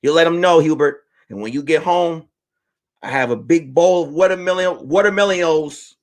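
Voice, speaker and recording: A man's voice: fairly high pitch, normal speed, pitched below the performer's own voice, lightly acted. A man voicing a bossy, doting wife who scolds and urges her husband on, cursing and repeating his pet name. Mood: coaxing.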